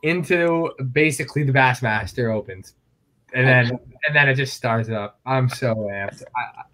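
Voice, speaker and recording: A man guesting on a fishing podcast, excitable and telling stories with animation. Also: medium pitch, moderate pace, a little hiss or hum. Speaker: guest angler. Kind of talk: casual podcast chat.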